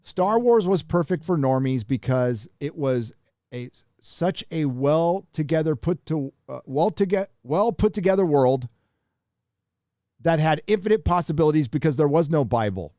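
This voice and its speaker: Animated yet unhurried, this stream host has a slightly high voice with a dark tone, recorded clean in the studio without echo. He chats loosely, swears freely, and rambles while reading out donations from the chat.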